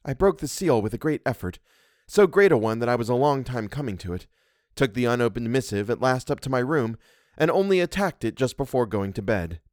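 A man reads a classic ghost story in a measured, expressive manner. His voice sits at a middle pitch and moves lively up and down. The sound is dry and close, with no room echo. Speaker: reader. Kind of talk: audiobook reading of a classic story.

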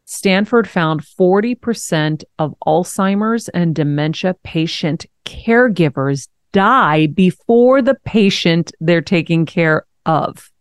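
A woman in her forties hosting a podcast, telling a personal story in a frank, animated way, laughing now and then. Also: fairly low pitch, slow, hardly any pauses, clean tone, dry recording, studio quality. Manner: frank, animated, swears and laughs while telling hard news. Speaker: host. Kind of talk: candid conversational storytelling.

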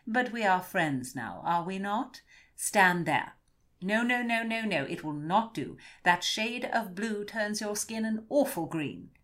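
A woman voicing a vain, bossy young noblewoman who speaks in a high, loud, gushing and imperious way. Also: animated, unhurried.

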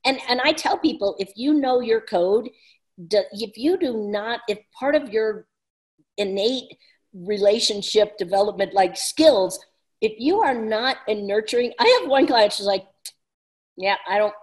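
Woman, business coach, quick energetic talk, frequent laughter, slightly high voice. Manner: fast, energetic, laughs often. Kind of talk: casual conversation.

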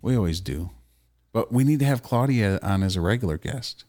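A man's voice: lowish voice, expressive, brisk, darkish tone. A man co-hosting a casual podcast, talking in a loose, opinionated and profane way. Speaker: podcast co-host.

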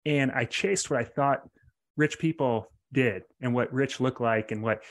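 A man answers as a podcast guest in a mid-pitched voice. He sounds thoughtful and reflective, posing questions to himself as he explains. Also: measured pace. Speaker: podcast guest, real estate investor. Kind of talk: interview answer.

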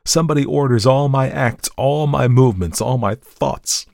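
Gravelly man reading a dramatic story. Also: mid-range voice, normal speed, dry recording, clean studio sound. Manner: intense, swings from hushed dread to anguished outbursts. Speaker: story reader.

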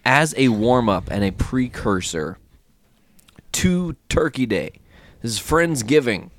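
A young man hosting a casual podcast chat, animated, joking and swearing freely. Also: mid-range voice, slow pace, no echo. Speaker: podcast host.

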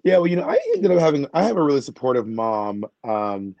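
A man's voice: mid-range voice, sing-song, brisk, dark tone, no room sound, muffled recording. A man who is a drag performer, chatting playfully as a guest in an interview, joking about himself. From United States. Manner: playful, self-mocking, talkative. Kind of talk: casual interview chat.

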